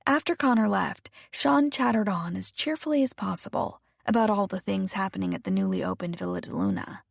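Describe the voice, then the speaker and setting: A woman narrating a mystery audiobook in an unhurried, even way. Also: mid-range voice, vocal fry, husky, no room sound, studio quality. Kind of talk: scripted narration.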